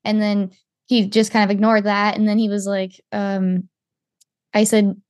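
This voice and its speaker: A young woman casually telling a story in a chat, animated and swearing, acting out what people said. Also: medium pitch, unhurried, no echo, studio quality. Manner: animated, swearing, acts out quotes.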